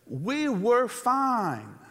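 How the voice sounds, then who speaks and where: A man's voice: extremely high pitch, wildly swooping pitch, drawn-out words, fairly bright tone, pitched above the performer's own voice, heavily acted. A man preaching, voicing a grumbling crowd of enslaved workers who whine and complain. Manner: whining, complaining. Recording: long hall reverb.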